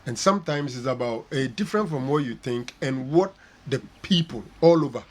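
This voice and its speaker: A man's voice: medium pitch, animated, a little fast, slight background noise. A man with a Ghanaian accent, a sports pundit arguing football in a studio debate, switching between English and Twi. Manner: mixes English and Twi, argumentative.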